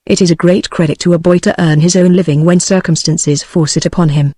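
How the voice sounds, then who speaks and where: Flat synthetic voice reading a novel. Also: mid-range voice, fairly quick, dry recording. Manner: even, unvaried text-to-speech reading of all parts. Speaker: audiobook narrator. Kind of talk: scripted narration.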